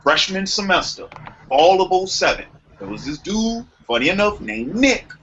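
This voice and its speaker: Animated profane young man telling a story. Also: sits high, normal speed. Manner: animated, profane, acts out quotes. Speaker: podcast co-host. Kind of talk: casual storytelling chat. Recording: muffled lo-fi sound with faint noise.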